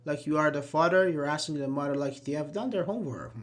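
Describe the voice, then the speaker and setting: A man's voice: on the high side, quick pace. Man teaching a grammar class. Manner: explains patiently, acts out example sentences, many "uh-huh"s. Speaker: English teacher.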